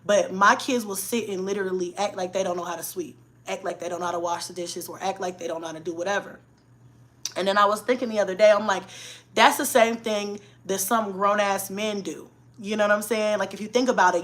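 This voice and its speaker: A woman's voice: medium pitch, a bit bright. A woman in her thirties talking casually to camera as a mom vlogger, chatty and blunt, cursing freely. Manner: chatty and blunt, frequent cursing and "you know what I'm saying".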